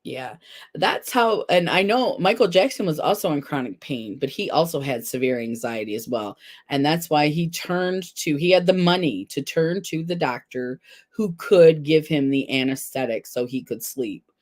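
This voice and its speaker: A woman's voice: sits low, normal speed. Chatty woman hosting a live stream. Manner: chatty and candid, addresses viewers directly as "woman". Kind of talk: casual live chat, reading viewer comments.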